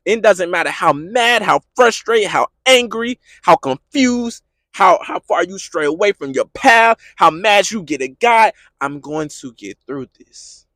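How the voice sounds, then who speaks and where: A man with a high, bright-edged voice gives a motivational talk about faith. He is impassioned and repetitive, and he pushes up into shouting when he gets fervent. The sound is dry and close, with no room around it. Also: animated, measured pace, no echo. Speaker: podcast host.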